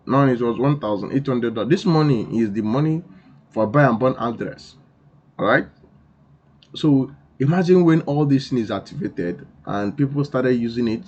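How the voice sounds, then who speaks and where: A man's voice: mid-range voice, moderate pace, darkish tone. A man hosting a crypto channel, giving emphatic commentary in an insistent, repetitive, preachy way. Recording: dull lo-fi recording.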